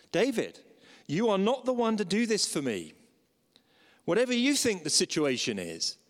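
A man preaching a sermon, animated and acting out the voices he quotes. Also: a little high. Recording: long reverb of a large hall.

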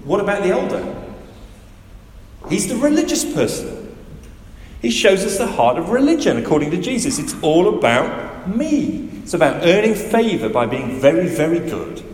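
A man preaching a sermon, emphatic and animated, putting direct questions to his listeners. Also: a little high. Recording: echoey hall with faint ambience.

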